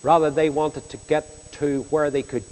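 A man preaching a sermon, emphatic, swinging between loud and hushed delivery. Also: on the high side, level tone, moderate pace, in a large hall, low-quality recording.

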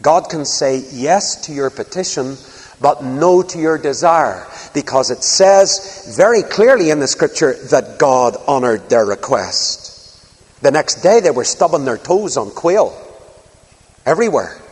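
Guy preaching, animated, slightly high voice, big hall echo. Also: measured pace, husky. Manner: animated, acts out dialogue in voices. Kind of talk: sermon. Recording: long hall reverb.

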